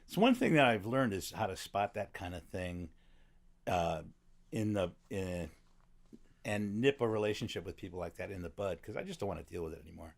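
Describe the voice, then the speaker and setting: A man's voice: deep voice, lively intonation, normal speed, gravelly. A man talking as a guest on a podcast, wry and chatty, cutting in with comments. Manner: wry, interjects with comments and laughs. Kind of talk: casual conversation.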